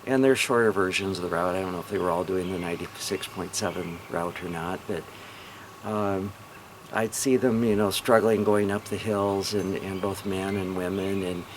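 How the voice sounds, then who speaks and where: Earnest, encouraging middle-aged man, low voice. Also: fairly even intonation, normal speed. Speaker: hypnotherapist. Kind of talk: personal testimonial to viewers. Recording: noticeable background noise.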